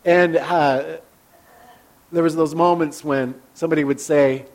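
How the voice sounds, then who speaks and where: Slightly high-voiced male pastor, conversational. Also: steady tone, unhurried. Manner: candid and personal, often trailing off into soft, hushed asides. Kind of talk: conversational sermon.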